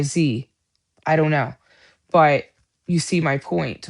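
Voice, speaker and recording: Chatty woman with a gravelly edge. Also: deep voice, a little mellow. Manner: chatty, rambling, earnest faith talk with many fillers. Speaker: livestream Bible study host. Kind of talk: casual chat.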